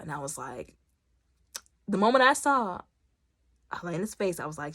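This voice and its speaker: Chatty woman recapping a show, low voice. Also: moderate pace, no echo, studio quality. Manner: chatty and animated, acting out characters' lines. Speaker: YouTube TV reviewer. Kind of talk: casual episode recap and commentary.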